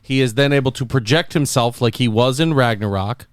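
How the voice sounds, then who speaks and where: A man hosting a casual podcast chat, animated and telling scenes through acted-out voices. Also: mid-range voice, brisk, clean tone, no echo, studio quality.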